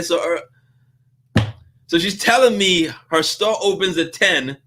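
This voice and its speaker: A man hosting a business vlog, telling a story in a casual, animated way and acting out the dialogue. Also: sits high, takes it slowly. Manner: animated, laughs through his story, acts out dialogue. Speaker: vlog host on business advice.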